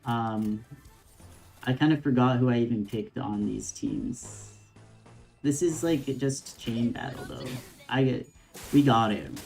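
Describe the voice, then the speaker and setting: Mellow laid-back male game streamer. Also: mid-range voice, gravelly. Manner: laid-back, slangy, chuckles between read lines. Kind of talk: reading game dialogue aloud with casual commentary.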